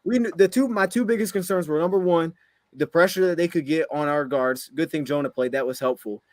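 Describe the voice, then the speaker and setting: A man rants after a game at a rapid clip, his voice sitting a little high as he stacks one exasperated rhetorical question on another. The sound is dry and close, with no room around it. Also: darkish tone, no room sound. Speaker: sports podcast co-host. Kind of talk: heated post-game rant.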